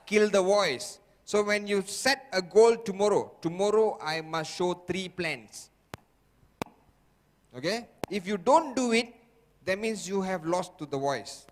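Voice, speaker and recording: High-voiced man rallying a seminar hall. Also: measured pace, a little hiss or hum. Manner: emphatic, repetitive, constant "okay?" checks with audience. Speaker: sales trainer. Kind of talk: motivational seminar talk. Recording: echoey hall.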